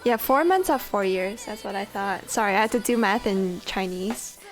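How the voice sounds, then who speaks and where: A woman's voice: mid-range voice, normal speed, faint music behind. A young woman streaming, chatting casually and laughing often while a little out of breath. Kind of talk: casual chat.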